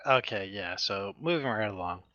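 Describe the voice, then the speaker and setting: A man running a tabletop game as dungeon master, narrating in a relaxed, halting way with fillers. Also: on the low side, no room sound, muffled recording.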